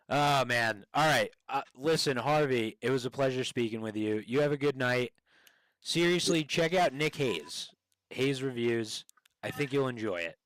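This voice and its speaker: A man's voice: mid-range voice, moderate pace, fairly bright tone, no echo, rough recording. A man streaming and chatting casually with strangers, rambling with many fillers and restarts. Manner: rambling, hesitant, lots of fillers. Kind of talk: casual livestream chat.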